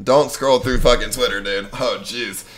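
A young man live-streaming in casual, profane chat, talking to himself excitably. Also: medium pitch, moderate pace, faint music behind.

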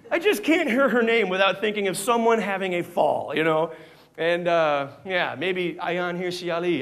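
An American man doing live stand-up comedy on a theater stage, animated and switching into mock voices and bits of Dutch. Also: sits high, moderate pace. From United States. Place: theater stage before a laughing audience.

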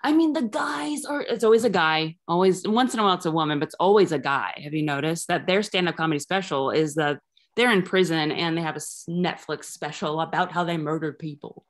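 A woman in her thirties doing a rambling, deadpan stand-up set over Zoom. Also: low-pitched, brisk. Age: 30s. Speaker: stand-up comedian.

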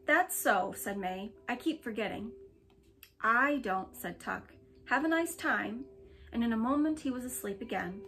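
Woman reading a storybook aloud. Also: a little high. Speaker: storybook reader.

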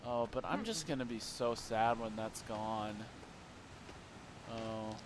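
A man's voice: medium pitch, slow pace, noisy background. A young man casually commenting while playing a video game, rambling and wistful with sudden playful outbursts. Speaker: gameplay streamer.

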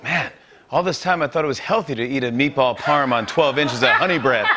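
A man's voice: medium pitch, quick pace, very noisy. A man in his forties hosting a late-night show, delivering a joking monologue and laughing at his own jokes. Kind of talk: comedy monologue.

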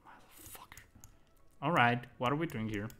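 A young man commentating his own gameplay live, joking and swearing excitably. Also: mid-range voice, measured pace, faint music behind. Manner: excitable, swears often, jokey. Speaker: streamer.

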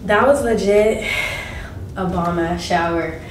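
A woman's voice: on the low side, takes it slowly, echoey room, distant mic, over loud music. Gushing young woman vlogging. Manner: gushing, excitable, drops to whispers. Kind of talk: casual vlog chat. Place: hotel room.

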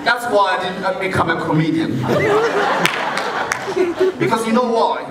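A man preaching a sermon as pastor, deliberate and playful, chuckling as he makes his points. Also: high-pitched, crowd noise. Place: large church hall. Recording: very echoey hall, mic far off.

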